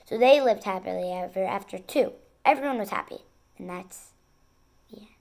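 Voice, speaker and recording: A woman reading a picture book aloud in an expressive, sing-song storytelling manner. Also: mid-range voice, normal speed, gravelly. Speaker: storybook reader.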